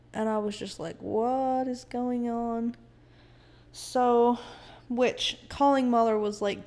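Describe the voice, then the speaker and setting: Animated woman telling a story. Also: on the high side, vocal fry. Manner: animated, swearing, quotes others. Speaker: podcast guest. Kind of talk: casual storytelling.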